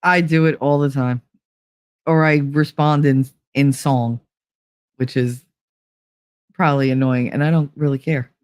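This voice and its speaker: A woman's voice: extremely low pitch, steady tone, a little slow, pauses often, darkish tone, no echo. A woman hosts a casual livestream, her voice stuffy and congested from a cold. She talks bluntly, often laughing as she answers chat. The sound is close and dry, with no room around it. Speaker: livestream host reading chat.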